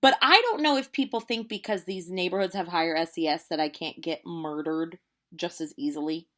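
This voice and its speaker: Woman, late 20s, vlogger, lively casual storyteller. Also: lowish voice, fairly quick. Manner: animated, chatty storytelling with quoted voices.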